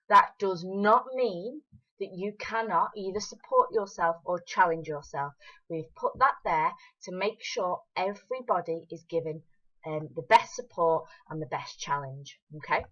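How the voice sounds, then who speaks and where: A woman Spanish teacher giving a recorded lesson to her pupils, cheerful and encouraging, saying phrases slowly and then quickly. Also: fairly low pitch, sharp tone, muffled recording.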